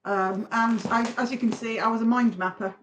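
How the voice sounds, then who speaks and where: A woman in her forties, a podcast guest, telling her story in a chatty, animated way. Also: fairly high pitch, moderate pace, slight background noise. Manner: chatty, animated, talks in long run-on recollections. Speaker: podcast guest, pharmaceutical trainer. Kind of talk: conversational interview storytelling.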